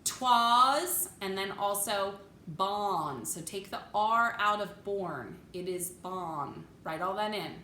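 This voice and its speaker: A woman's voice: medium pitch, expressive, takes it slowly, bright, forceful tone, reverberant, slight background noise. A woman choir teacher giving a vocal lesson, coaching diction step by step and singing phrases for the class to copy. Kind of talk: vocal lesson with sung demonstrations.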